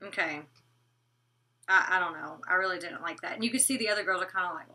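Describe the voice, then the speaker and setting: A young woman vlogger recapping a reality show in casual chat, blunt and animated, cursing freely. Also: fairly low pitch, fairly quick, far from the mic. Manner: blunt, animated, gossipy with swearing. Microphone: desk microphone.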